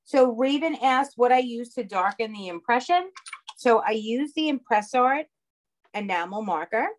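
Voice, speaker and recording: A woman's voice: a little high, expressive, normal speed. Woman, heavy Long Island accent, craft instructor, chatty live-class delivery. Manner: chatty, checks in with "okay?" and "all right".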